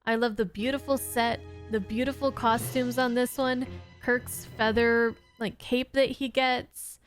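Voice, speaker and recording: Earnest woman with a higher voice. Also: steady tone, a little slow, faint music behind. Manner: earnest and heartfelt. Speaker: YouTube reaction host. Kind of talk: casual top-ten episode review.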